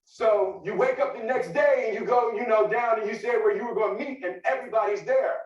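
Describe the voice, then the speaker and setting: Male storyteller, high voice, lively, repeats himself and keeps asking "right?", distant echoey recording. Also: brisk, dull audio. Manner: animated, repetitive, asks "right?" often. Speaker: guest speaker. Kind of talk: storytelling talk. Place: office meeting room.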